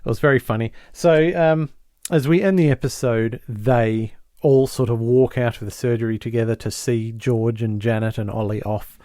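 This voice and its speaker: A man co-hosting a podcast who recaps a sitcom episode in a casual, animated way and acts out the characters. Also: medium pitch, normal speed, hardly any pauses, no room sound, studio quality. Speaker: podcast co-host.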